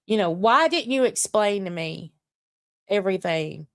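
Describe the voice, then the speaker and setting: A woman's voice: medium pitch, animated, a little slow, a bit bright, no echo. A woman in her forties hosting a casual livestream from her home computer desk, rambling and swearing as she vents her frustration. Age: 40s. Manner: rambling, profane, frustrated and venting. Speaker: livestream host.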